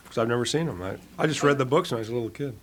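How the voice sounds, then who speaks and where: A woman with a very low, lively voice, teasing and laughing along in casual family chat. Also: very fast, a crowd in the background. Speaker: listener.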